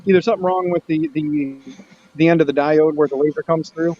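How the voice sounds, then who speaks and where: A man hosting a casual maker hangout stream, chatting in a loose, rambling way. His voice sits a little high. The audio is muffled and lo-fi. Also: steady tone, fairly quick. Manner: rambling, restarts often. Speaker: host of a maker livestream. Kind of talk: casual chat.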